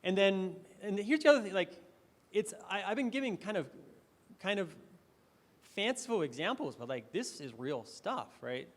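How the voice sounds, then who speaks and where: Guy giving a conference talk, kinda high voice, lots of "like" and restarts, big echoey hall. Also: expressive, normal speed. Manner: conversational, frequent fillers and restarts. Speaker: conference speaker. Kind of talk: conference presentation. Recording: reverberant hall.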